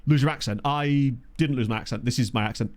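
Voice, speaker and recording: A man from Essex with a soft home counties accent and a slight Essex twang, chatting casually and rambling jokily to viewers during a game stream. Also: medium pitch, fast. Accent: soft Essex home counties English. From Essex, England. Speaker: streamer playing a management game. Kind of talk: casual live-stream chat.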